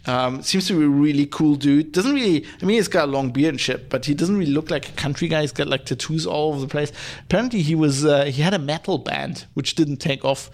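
A man hosting his own podcast in a casual, rambling, profane way, hoarse from hay fever, with many fillers and restarts. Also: a little high, fairly quick. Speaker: podcast host. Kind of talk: casual solo podcast, reading listener mail. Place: at home, lives in Germany.

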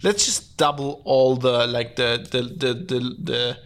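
Gravelly-voiced male podcast host, rambling. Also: mid-range voice, steady tone, a little slow, fairly bright tone. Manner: rambling, many fillers and restarts, sardonic. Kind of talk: casual solo podcast talk. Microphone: podcast mic, streamed live.

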